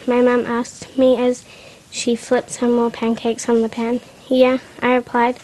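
A woman's voice: on the high side, monotone, measured pace, dark tone. A woman reads a first-person story aloud in a plain, unpolished way, often stumbling and restarting words. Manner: unpolished reading with restarts and slips.

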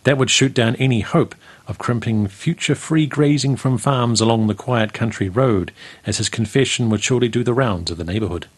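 A man reading a country story aloud in a steady, unhurried way. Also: medium pitch, breathy edge.

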